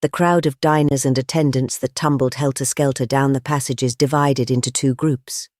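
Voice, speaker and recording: An audiobook narrator reading a classic detective story in a measured, even way. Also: medium pitch, dry recording, studio quality. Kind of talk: scripted narration of a classic novel.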